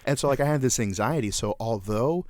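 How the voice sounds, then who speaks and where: A man's voice: mid-range voice, animated, a little fast, crowd noise. A man in his thirties, a Marine veteran hosting a podcast, telling profane stories in casual chat with lots of fillers and laughs.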